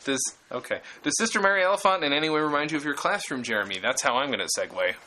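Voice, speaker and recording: A man's voice: on the high side, lively intonation, racing, pushed and bright, slight background noise, rough recording. A man hosting a podcast, chatting casually and teasing his guests with jokes. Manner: joking, teasing banter. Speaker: podcast host. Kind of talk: casual comedy chat.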